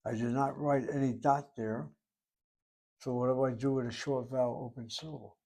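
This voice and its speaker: A man's voice: medium pitch, fairly even intonation, normal speed, warm tone. A man teaching a Hebrew grammar lesson, methodical and repetitive, explaining each rule step by step. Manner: methodical, repeats key terms, explains step by step.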